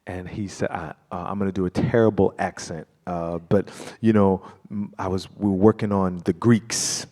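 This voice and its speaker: A man with a fairly low voice talks as a guest at a live event. He speaks in a reflective, halting way, often pausing on fillers and starting over. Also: darkish tone. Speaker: guest performer. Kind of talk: live stage conversation. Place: live event before an audience.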